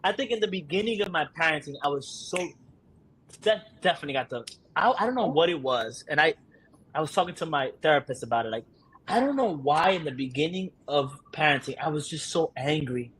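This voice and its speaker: A man's voice: a little high, lively intonation, brisk, fairly bright tone, slight background noise. A man speaking as a guest, a father talking candidly and laughing through his stories in casual conversation.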